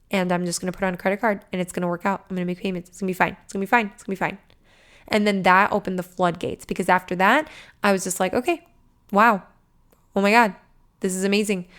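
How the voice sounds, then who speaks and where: A woman hosting a podcast, delivering a casual, animated motivational rant with frequent swearing, jumping between loud bursts and hushed asides. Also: mid-range voice, smooth. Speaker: podcast host.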